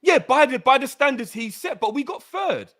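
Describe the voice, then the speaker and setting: A man's voice: extremely high pitch, animated, normal speed, a bit bright. A man, passionately defending his view in a casual fan call-in debate. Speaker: regular on a fan call-in show.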